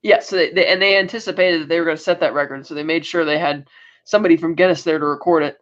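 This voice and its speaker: A man co-hosting a podcast, retelling a film scene by scene in a casual, animated way with plenty of restarts and fillers. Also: on the high side, quick pace, muffled recording. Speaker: podcast co-host.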